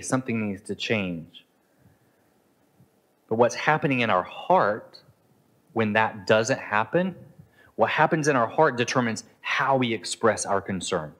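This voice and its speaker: A man's voice: on the low side, fairly bright tone. Earnest middle-aged man preaching a sermon. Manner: earnest, conversational, acts out inner voices. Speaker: pastor. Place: Southeast Asia.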